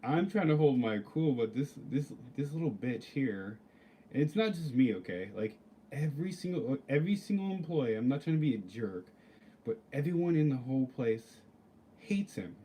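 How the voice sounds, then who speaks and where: A man's voice: mid-range voice, animated, moderate pace, warm tone, slight background noise. A man ranting casually to camera, rambling and swearing, with lots of filler words. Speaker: vlogger. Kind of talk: casual storytelling rant.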